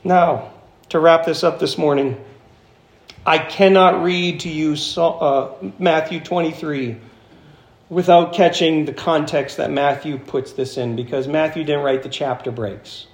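A man preaching an emphatic sermon as pastor, slowing down to stress key phrases. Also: fairly high pitch, fairly even intonation. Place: church sanctuary. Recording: echoey church hall.

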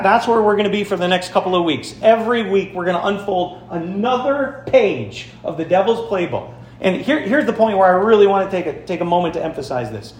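A man pastor giving a sermon, telling stories and speaking straight to his congregation with emphatic, lively delivery. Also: sits high, echoey room, a little hiss or hum. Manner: storytelling, emphatic, addresses congregation directly. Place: church sanctuary.

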